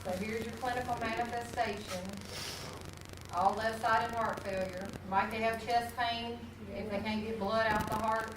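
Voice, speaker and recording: A woman teaching a nursing class, folksy and animated, talking straight to her students as she mixes lecture with stories. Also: a little high, normal speed. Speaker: nursing instructor. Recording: echoey classroom recorded from a distance with noise.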